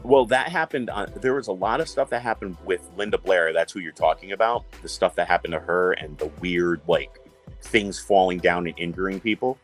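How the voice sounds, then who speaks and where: A man's voice: low voice, fairly quick, faint music behind, rough recording. A man from New York hosting a casual chat, telling stories animatedly, swearing and acting out quotes. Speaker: host.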